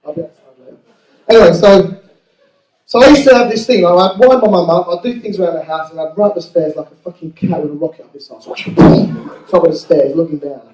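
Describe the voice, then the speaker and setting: A man's voice: high voice, brisk, darkish tone, echoey room, far from the mic, low-quality recording. A man doing a stand-up routine, telling a childhood story in a crude, self-mocking way. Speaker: stand-up comedian.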